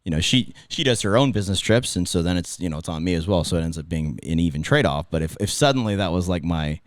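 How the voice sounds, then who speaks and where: Low-voiced rambling Californian man. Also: expressive, fast, no echo, studio quality. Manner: rambling, self-interrupting storyteller. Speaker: podcast guest, former radio host and event emcee. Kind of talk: casual podcast conversation.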